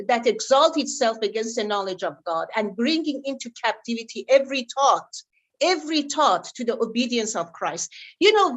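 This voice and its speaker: A woman evangelist on a discussion panel, quoting scripture in a lively way with hesitant fillers. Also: on the high side. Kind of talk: panel comment.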